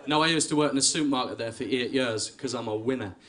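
Self-mocking Sunderland comic on stage. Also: male voice, medium pitch, quick pace. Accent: Sunderland English. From Sunderland, England. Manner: self-mocking banter with the crowd. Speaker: stand-up comedian. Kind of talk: stand-up set at a comedy club. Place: comedy club stage. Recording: noisy live club recording.

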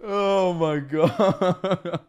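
A man's voice: high voice, drawn-out words, a little mellow, smooth. Swearing, laughing male streamer. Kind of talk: casual reaction commentary.

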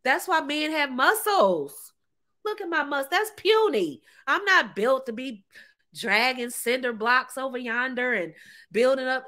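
A woman's voice: high-pitched, animated, measured pace, sharp tone. A woman, talking to camera in a sassy, emphatic way, laughing often and calling viewers ladies and honey. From United States. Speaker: relationship advice vlogger. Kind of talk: casual talk to camera.

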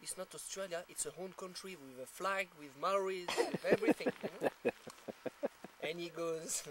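With crowd noise around him, a French storyteller shares a relaxed anecdote in English in his French accent, speaking at a moderate pace in a high-pitched voice. He laughs a lot and imitates whoever he's quoting.

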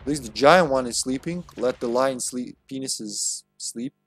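Man, streamer, live gameplay commentary, crude jokes, mid-pitched voice, faint music behind. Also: a little slow, a bit bright. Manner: joking, crude, talks back to the game.

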